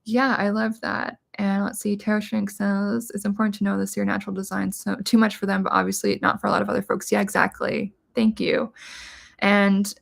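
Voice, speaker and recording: A middle-aged woman hosts a casual livestream and talks to her viewers candidly. Her voice carries a gravelly creak at mid pitch, and she speaks with emphasis and swears freely. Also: flat delivery, fairly quick. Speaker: livestream host, witch and medium.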